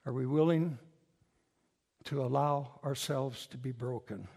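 A man preaching a sermon, an animated storyteller who mocks himself with humor and bursts into loud emphasis. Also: medium pitch, measured pace, vocal fry, husky. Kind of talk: sermon with personal stories. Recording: long hall reverb.

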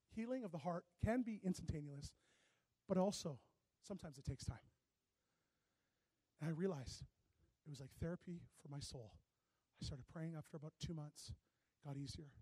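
A man preaching a sermon, telling a personal story and acting out both sides of the dialogue, moving from hushed to loud. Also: on the high side, slightly rough, no room sound.

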